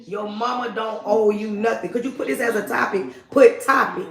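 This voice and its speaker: A woman hosts a casual morning livestream, talking emphatically and repeating her greetings. Her voice has a gravelly edge. She sounds like she is in an echoey room, speaking into a phone. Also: a little high, normal speed. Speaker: livestream host.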